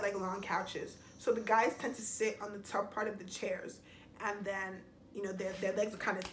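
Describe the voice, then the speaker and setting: A young woman vlogger telling a personal story to her viewers in an animated, exasperated way. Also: mid-range voice. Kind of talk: storytime vlog. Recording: echoey room, faint noise.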